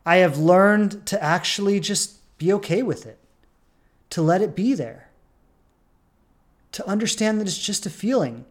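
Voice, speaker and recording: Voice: mid-range voice, expressive, unhurried, pauses often. Earnest podcast host coaching on relationships. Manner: earnest, emphatic, repeats phrases for stress. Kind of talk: podcast monologue.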